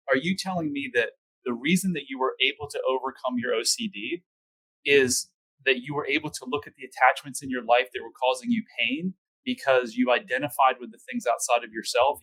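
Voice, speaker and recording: A man's voice: mid-range voice, pushed and bright, rough recording. A man hosting a podcast interview, probing and restating the guest's points with follow-up questions. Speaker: podcast host. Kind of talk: conversational interview.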